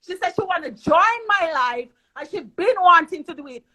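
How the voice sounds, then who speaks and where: A woman's voice: extremely high pitch, normal speed, pushed and bright. A woman hosting a live stream, defending herself in an argument. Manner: defensive, insistent.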